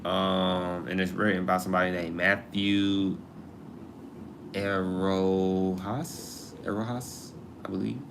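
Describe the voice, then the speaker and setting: Deep-voiced man, chatty live stream host. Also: completely flat delivery, normal speed, vocal fry, hardly any pauses, background noise. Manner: chatty, addresses viewers as y'all, reads article aloud. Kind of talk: casual live stream commentary.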